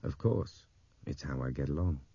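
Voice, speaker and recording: A man voicing a terse man who takes charge in an emergency, speaking in a clipped, dry, steady way. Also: a bass voice, moderate pace, vocal fry, slightly rough, no echo, dull audio, full character voice. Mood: calm.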